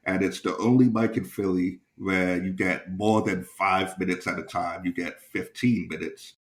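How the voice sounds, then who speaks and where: A man's voice: low-pitched, fairly even intonation, moderate pace, roomy sound. Man telling a profane story, chuckling. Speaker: stand-up comedian and podcast host. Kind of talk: casual podcast storytelling.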